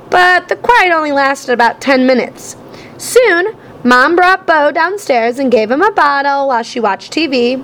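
A woman's voice: high voice, fairly bright tone, a little hiss or hum. A woman narrating a children's storybook in the first person, reading expressively. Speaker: audiobook narrator.

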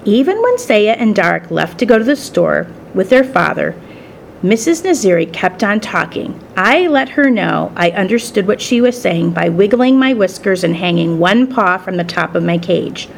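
A woman reading a children's story aloud in the first person, with expressive storytelling. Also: mid-range voice, normal speed, creaky, a little hiss or hum. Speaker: storybook reader.

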